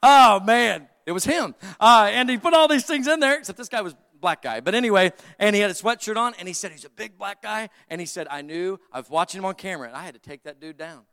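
A man's voice: high-pitched, animated, fast, few pauses, pushed and bright, clear, resonant tone, in a large hall. A middle-aged man preaching a sermon, joking and telling stories to his congregation in a folksy way. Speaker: pastor.

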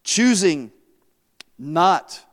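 A pastor telling a story in a sermon, animated, moving between quiet asides and loud bursts. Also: male voice, sits high, extremely slow. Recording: long hall reverb.

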